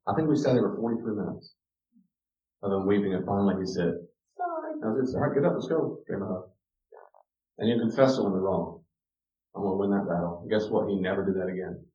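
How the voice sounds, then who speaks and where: The recording here is roomy, distant and dull, with slight background noise, as a man with a low, dark-toned voice gives a casual talk on parenting. A speaker on parenting and character, he keeps it conversational and acts out quoted lines of dialogue.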